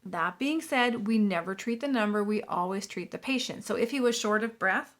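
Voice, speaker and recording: A woman's voice: medium pitch, moderate pace, fairly bright tone. A woman who is a nurse and has a Southern US accent, explaining a clinical topic in a chatty commentary video. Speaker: nurse reacting to news clips.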